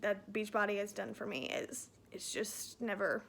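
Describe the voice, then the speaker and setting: A young woman, a nursing student, talking in an emotional personal vlog, tearful and halting, with many fillers and restarts. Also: medium pitch, steady tone, creaky, fairly bright tone, slight background noise. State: emotional, near tears. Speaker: nursing student sharing a testimonial.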